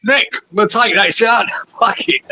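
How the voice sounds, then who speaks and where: A man's voice: high voice, lively intonation, measured pace, bright, forceful tone, poor audio. A man in a casual football fan chat, talking bluntly and swearing, calling others geezer. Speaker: podcast co-host.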